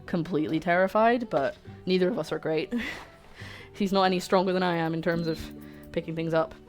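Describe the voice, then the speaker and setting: A woman's voice: fairly low pitch, moderate pace, darkish tone, soft background music. Chatty British woman cooking live. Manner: chatty, self-mocking, talks to chat while cooking. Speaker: cooking livestream host. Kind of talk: casual live cooking chat.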